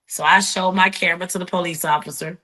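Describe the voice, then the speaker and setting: A woman guest in an interview, telling her story bluntly and defiantly, with many quick restarts. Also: lowish voice, fairly even intonation, sharp tone. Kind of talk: heated interview talk.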